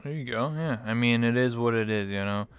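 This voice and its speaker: A man's voice: mid-range voice, fairly quick, clean tone. A man hosting a late-night online interview show, joking in a laid-back way. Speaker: talk show host. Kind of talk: casual interview chat.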